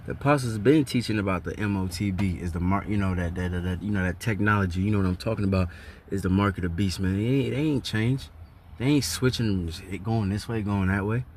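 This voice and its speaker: A fairly low-voiced man speaking in a loose, profane commentary, reading scripture verses and then reacting with blunt frustration. His talk is scattered with "man" and "bro." A faint hum of vehicle noise sits behind him. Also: a little fast. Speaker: religious commentator.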